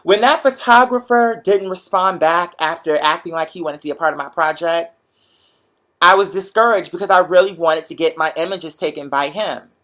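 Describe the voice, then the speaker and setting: A young man hosting a show, chatting to viewers in a lively, profane, motivational storytelling way. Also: on the high side, moderate pace. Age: young adult. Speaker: show host. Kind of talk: casual livestream chat to viewers.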